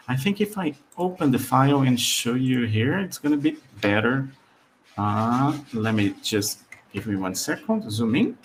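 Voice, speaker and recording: A man's voice: medium pitch, a little hiss or hum. A man whose first language is Portuguese, presenting a live teacher-training webinar over a video call, explaining step by step with frequent "all right?" check-ins and fillers. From Brazil.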